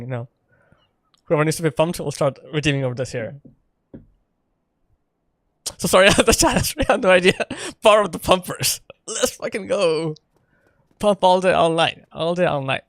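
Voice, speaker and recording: A playful man chats casually with his viewers while he plays a game, often breaking into laughter. His voice sits a little high for a man, and the sound is close and dry with no room behind it. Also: a bit bright, no room sound. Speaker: streamer. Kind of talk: casual live gameplay chat.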